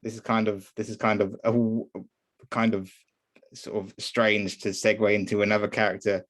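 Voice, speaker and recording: A man's voice: fairly low pitch, flat delivery, normal speed, a bit bright. A man casually recapping a TV episode, hesitant, with many fillers and restarts. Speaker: show reviewer.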